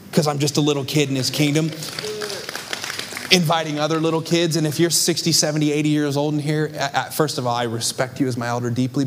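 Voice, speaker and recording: A man's voice: medium pitch, a little hiss or hum. A young adult man preaching a sermon with passion and emphasis, as pastor on a church stage. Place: church stage before a congregation.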